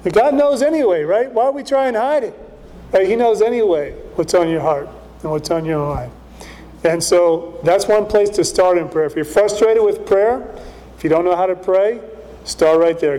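A man's voice: high voice, moderate pace, warm tone. A middle-aged male pastor preaching a sermon in a casual, conversational way, often checking in with the congregation. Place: church hall. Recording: long hall reverb.

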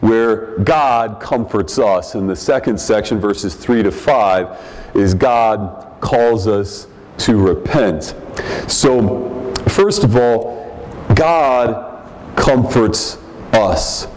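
A man preaching a sermon as pastor, teaching in a measured way and often repeating words as he goes. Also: on the low side, expressive, a little mellow, slight background noise. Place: church sanctuary. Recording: long reverb of a large hall.

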